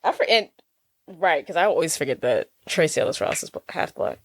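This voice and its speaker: A woman's voice: deep voice, very animated, a little fast, gravelly, dry recording. A woman co-hosting a podcast, chatting casually, teasing and laughing with her guest. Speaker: podcast co-host. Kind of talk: casual chat.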